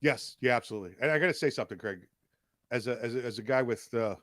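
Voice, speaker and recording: Young man, New York accent, animated co-host, dry close recording. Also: mid-range voice, fast, no room sound. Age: young adult. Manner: animated, repeats words when starting. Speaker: podcast co-host. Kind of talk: casual political chat.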